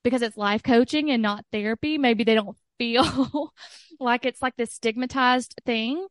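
A woman's voice: on the high side, measured pace, no room sound, studio quality. A woman talking candidly as a podcast guest and coaching client, chatty and full of "like" with frequent laughter. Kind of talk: candid casual chat.

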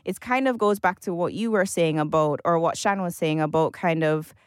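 A woman co-hosting a casual panel discussion, animated and laughing often as she talks in long, flowing runs. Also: on the low side, moderate pace, clear, resonant tone, dry recording, clean studio sound. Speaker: podcast co-host.

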